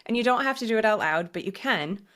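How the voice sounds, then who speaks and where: A woman's voice: fairly high pitch, lively intonation, fast talker, a bit bright. A woman hosting a podcast, talking in an earnest, encouraging way and sometimes acting out inner thoughts. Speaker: podcast host. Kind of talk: casual podcast conversation.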